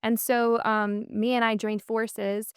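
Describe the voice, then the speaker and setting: A woman with a Minnesota accent talks as an upbeat podcast guest, her fairly high voice smooth and resonant. She tells her story fluently, leaning on "um" and "and so" as she goes, in a dry, close-miked sound. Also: little pitch movement, slow, dry recording. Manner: upbeat, fluent storytelling with frequent 'um' and 'and so'. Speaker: podcast guest, business co-founder. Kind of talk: casual interview conversation.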